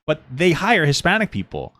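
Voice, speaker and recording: This podcast co-host is lively and sarcastic, joking his way through a casual reaction to a clip. His voice is a little high and his pace moderate, with no room sound.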